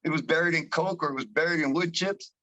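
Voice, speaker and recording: A man with a South Louisiana accent, a towboat captain telling stories in a casual interview. He talks in an animated, rambling way with slang and frequent laughs, and acts out the voices of his crew. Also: on the high side, fast talker, lo-fi sound. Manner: rambling with many restarts and slang.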